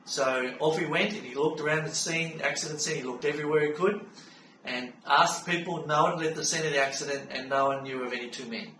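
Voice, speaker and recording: A middle-aged Australian man calmly recounting a personal story in an unhurried way, with frequent fillers. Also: a little high. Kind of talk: personal spoken testimony. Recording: roomy sound from a distance with faint background hum.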